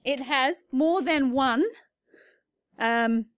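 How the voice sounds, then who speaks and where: A woman explains maths as a teacher, chatty and jokey. Her voice sits high. The recording is close and dry, with no room sound. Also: drawn-out words, dry recording. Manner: playful, chatty, jokey asides.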